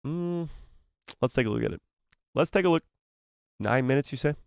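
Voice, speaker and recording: A man's voice: mid-range voice, moderate pace, gravelly, clean tone, dry recording. A young man talks to his live chat with playful energy, teasing viewers and tripping over the messages he reads out. His voice sits in a middle register. The sound is dry and close, with no room around it. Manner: animated and playful, teasing the chat, stumbles when reading aloud. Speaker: live stream host reading viewer donations. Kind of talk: casual live stream chat.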